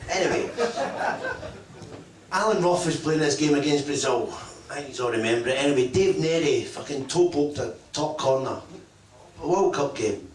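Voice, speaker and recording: A middle-aged Scottish former footballer tells profane, self-mocking anecdotes on stage at a live event in a function room. His voice is a little high with lively intonation at a normal speed, captured from far away in an echoey room, with a little hiss or hum.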